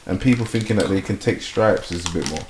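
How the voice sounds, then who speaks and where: A man chatting casually as a podcast host, laughing loudly and going high when amused. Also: fast talker. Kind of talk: casual chat. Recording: echoey room with faint noise.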